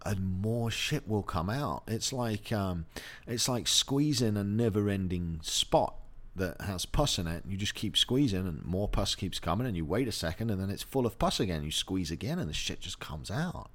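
A man's voice: lowish voice, animated, normal speed, fairly bright tone. A middle-aged man hosting a motivational monologue, blunt and profane, speaking openly about personal grief. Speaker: host.

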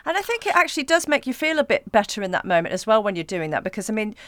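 Woman podcast host, smooth resonant tone, dry close mic, caring. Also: mid-range voice, big pitch swings, very fast, a bit bright, dry recording. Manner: empathetic, relates own experience. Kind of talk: casual conversation.

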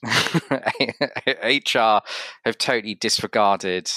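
A man's voice: on the low side, slow pace, bright, forceful tone, no room sound. A man with an English accent, hosting a casual podcast interview, talking reflectively with frequent restarts and acted-out quotes. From Yorkshire, England. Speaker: podcast host.

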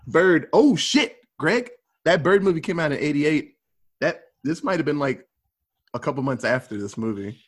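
A man with a fairly high voice hosts a casual movie podcast. He rambles through his recap with a loose, profane, easygoing delivery and plenty of "uh"s. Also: expressive, normal speed. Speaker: podcast host.

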